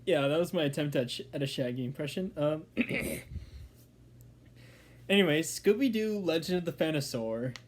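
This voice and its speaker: A man's voice: on the high side, expressive, moderate pace. Rambling man reviewing a film. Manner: rambling, fillers and restarts, chuckling. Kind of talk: casual video review.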